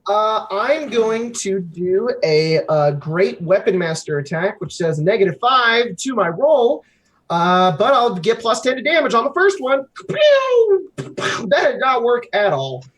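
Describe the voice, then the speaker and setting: A player describing their character's moves at a tabletop game, with a lively, swooping delivery. They swear casually and talk things through as they go. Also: mid-range voice, measured pace.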